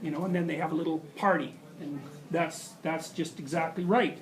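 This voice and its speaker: Male lecturer, high voice, emphatic and storytelling, asks rhetorical questions, faint background noise. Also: steady tone, moderate pace. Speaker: university lecturer. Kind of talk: classroom lecture.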